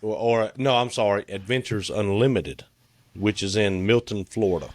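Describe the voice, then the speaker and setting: A man's voice: on the low side, moderate pace, dry recording. A middle-aged man, chatting casually on a podcast in a laid-back, folksy way. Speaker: podcast co-host; cabinet maker. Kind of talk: casual chat.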